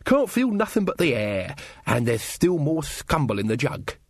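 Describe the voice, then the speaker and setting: A man's voice: fairly high pitch, sing-song, moderate pace, no room sound, studio quality. A man doing a gloomy sly villager. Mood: dismissive. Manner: gloomy, dismissive.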